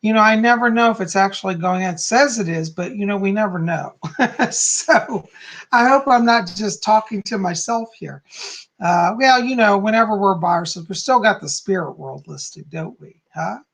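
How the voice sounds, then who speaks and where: A chatty man hosting a live stream, his voice carrying a gravelly edge. He talks casually and upbeat, calling out viewers' names and cheering them in. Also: high voice, moderate pace, fairly bright tone. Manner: chatty and upbeat, greeting viewers by name with frequent yays.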